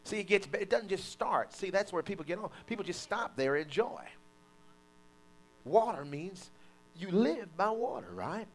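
Animated preacher man, lively and high. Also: normal speed. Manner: animated preaching with call-and-response and mock quotes. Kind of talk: sermon.

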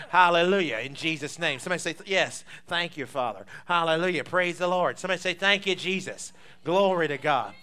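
Exuberant, bright-voiced preacher man. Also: on the high side, clean tone. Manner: exuberant call-and-response, breaks into laughter and tongues. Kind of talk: sermon.

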